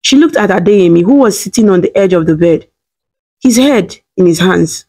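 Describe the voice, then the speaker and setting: A woman reading a scripted story in a steady, dramatic way. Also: medium pitch, normal speed.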